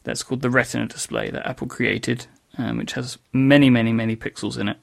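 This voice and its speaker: A man's voice: medium pitch, fairly even intonation, brisk, creaky. A man co-hosting a podcast, chatting casually and explaining technology in a dry, plain way. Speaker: podcast co-host.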